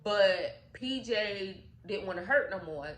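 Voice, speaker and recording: A woman telling a movie's story in a casual, animated, profane way, acting out the characters' lines. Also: medium pitch, takes it slowly. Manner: animated, profane, acts out quotes. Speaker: storytime vlogger. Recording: echoey room with faint noise.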